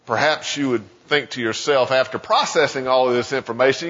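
Husky-voiced pastor preaching in a hall. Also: male voice, medium pitch, a little fast. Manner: animated, acts out listeners' doubting questions. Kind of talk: sermon. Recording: dull sound with long hall reverb.

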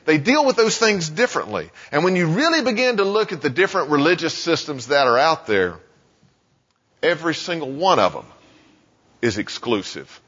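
A man preaching a sermon in a casual, conversational way, full of "you know" asides and quick voiced quotes. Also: a little high, sing-song, a bit bright, slightly rough. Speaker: pastor. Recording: muffled sound with long hall reverb.

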